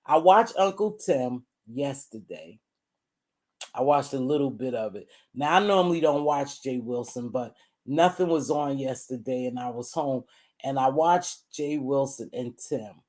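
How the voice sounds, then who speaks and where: A woman's voice: rumbling low, unhurried. Lady vlogger just talking, blunt and informal, keeps repeating herself to hammer it home. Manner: animated, emphatic, repeats herself. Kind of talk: casual commentary chat.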